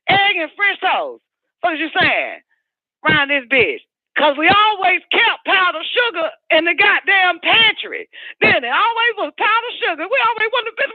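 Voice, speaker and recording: High-voiced man ranting on a tinny line. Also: no echo. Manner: profane, emphatic, preachy storytelling. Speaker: radio show host. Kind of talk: ranting radio monologue. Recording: tinny phone-like line, dry.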